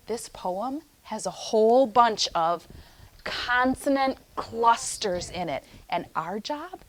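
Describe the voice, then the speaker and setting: A young adult woman teaching a phonics lesson to young children in an animated, sing-song teacher voice. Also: a little high. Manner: animated, sing-song teacher voice, slows for chanted poem lines.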